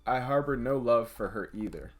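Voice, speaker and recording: A man reading aloud and voicing a powerful, proud female dragon in a game, a bit louder and higher than his own voice. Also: moderate pace, close to an everyday voice. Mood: commanding. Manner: louder and slightly raised when voicing her.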